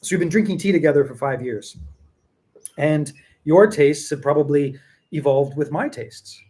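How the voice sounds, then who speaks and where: A man's voice: a little high, normal speed, dark tone. A man hosting a casual tea tasting chat, rambling and repeating himself for emphasis. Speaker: tea seller and show host.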